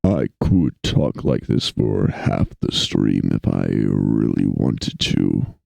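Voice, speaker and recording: A man doing an impression: a very deep, slow, breathy announcer voice with a mock-seductive delivery, as a joke on a livestream. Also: expressive, a little mellow, no room sound, full character voice. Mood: sultry.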